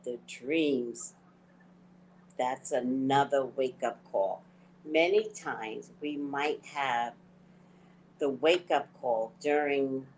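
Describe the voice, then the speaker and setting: A woman hosting a spiritual talk show, telling stories in a casual, animated way, often laughing and acting out her own thoughts. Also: very deep voice, a little hiss or hum, low-quality recording. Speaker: psychic reader and show host.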